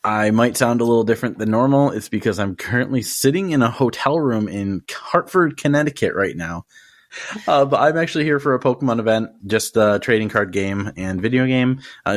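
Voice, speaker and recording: A man hosting a laid-back podcast from a hotel room, his voice a touch low. He rambles and chuckles, restarting words as he goes. The sound is close and dry, with no room around it. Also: no room sound. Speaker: podcast host. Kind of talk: casual podcast chat.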